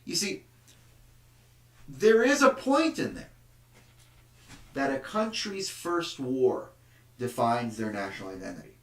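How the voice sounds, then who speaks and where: Man, history teacher, unhurried and emphatic lecture, echoey room. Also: medium pitch, expressive, fairly bright tone. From United States. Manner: emphatic, slips into the voice of a rousing nationalist orator. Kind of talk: classroom lecture. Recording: echoey room, mic at a distance.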